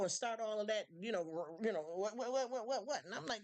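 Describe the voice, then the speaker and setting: A woman's voice: fairly high pitch, expressive, brisk, darkish tone. A woman hosting a live stream in casual chat, rambling and repeating words when worked up.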